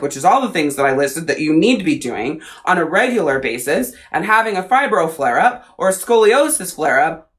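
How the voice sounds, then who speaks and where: A woman's voice: fairly low pitch, fairly bright tone. A woman coach giving a blunt, profane, casual talk on a live video stream, speaking straight to her viewers.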